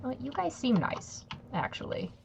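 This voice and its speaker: A woman's voice: high voice, very animated, moderate pace, vocal fry, background noise. A woman streaming a video game, making wry, casual asides to herself as she plays. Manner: wry, muttering to herself while playing. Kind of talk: casual live-stream commentary.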